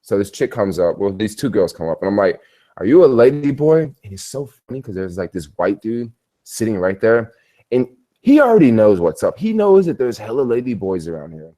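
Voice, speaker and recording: A man's voice: on the low side, sing-song, a little fast, dark tone. A man chatting casually on a livestream from his hotel bedroom, telling stories in a rambling, slangy way. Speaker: travel vlogger.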